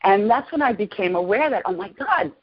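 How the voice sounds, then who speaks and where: Excited woman in her sixties, lo-fi. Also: medium pitch, fairly quick, slightly rough. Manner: excited, emotional retelling. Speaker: guest. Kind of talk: personal storytelling. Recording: lo-fi podcast audio.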